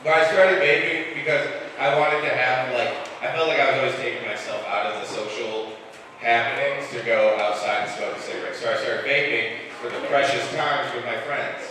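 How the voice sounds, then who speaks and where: A man's voice: medium pitch, steady tone, normal speed, noisy background. A young man performing live stand-up in a comedy club, out of breath, loose and self-deprecating as he chats with the crowd. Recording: roomy club reverb, mic heard from a distance. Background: live audience, club ambience.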